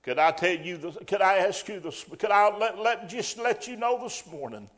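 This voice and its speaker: A man preaching a sermon in a folksy way, rising to loud emphatic bursts. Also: high voice, expressive, normal speed.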